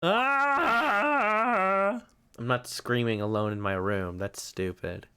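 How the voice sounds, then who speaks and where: A man's voice: fairly low pitch, fairly even intonation, moderate pace, fairly bright tone, smooth. A man commenting jokingly and sarcastically while reading a game live from his room. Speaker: streamer. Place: home room. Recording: game music behind.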